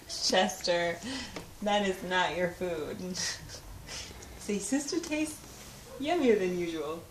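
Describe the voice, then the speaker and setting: A woman's voice: lowish voice, big pitch swings, extremely slow, pauses often. A woman filming her baby's feeding at home, talking to the baby and the dog in a sing-song baby voice with lots of laughter. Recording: echoey room with faint noise.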